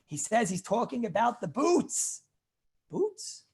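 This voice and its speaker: A man, a rabbi, giving an informal lecture on Jewish law, telling anecdotes in an animated way, often repeating his phrases and clearing his throat. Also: very high-pitched, slow pace.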